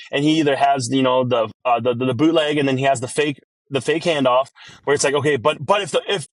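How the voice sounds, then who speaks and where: A man who owns a restaurant, talking as a podcast guest in an energetic, rambling way and acting out his own quoted lines. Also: medium pitch, dry recording. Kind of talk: casual podcast interview.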